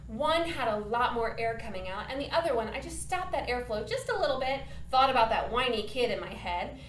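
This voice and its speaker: A woman's voice: high-pitched, fairly bright tone, roomy sound, slight background noise. A woman teaching a children's singing lesson, upbeat and encouraging, demonstrating points with her own voice.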